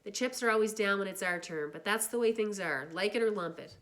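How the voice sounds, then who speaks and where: A woman's voice: medium pitch, a little fast, fairly bright tone, close to an everyday voice. Woman doing Two-Bit, a blunt greaser boy. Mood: easygoing.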